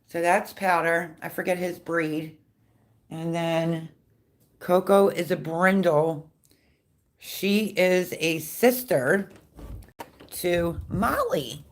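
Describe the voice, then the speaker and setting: A woman's voice: on the low side, slow pace, long pauses. A middle-aged woman chatting casually on her live stream, rambling about the dogs around her and cooing baby talk at them.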